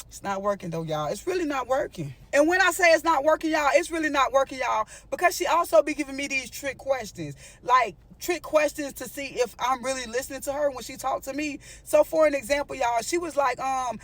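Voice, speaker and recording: Eine Frau mit hoher Stimme erzählt lebhaft und locker eine Geschichte und wendet sich dabei immer wieder direkt an ihr Publikum. Ihre Stimme steigt und fällt ausdrucksstark. Der Ton ist entspannt und plaudernd, wie bei einem Storytime-Video. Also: female voice, high-pitched, a little fast, hardly any pauses. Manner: animated, addresses viewers with frequent asides. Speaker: storyteller vlogger. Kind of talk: casual storytime monologue.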